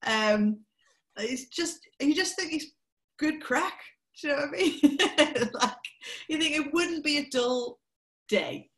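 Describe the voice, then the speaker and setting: A woman comedian in relaxed podcast conversation. Her voice sits somewhat high, and she talks in a playful, teasing way that often tips toward laughter. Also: slow. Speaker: comedian guest. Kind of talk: casual chat.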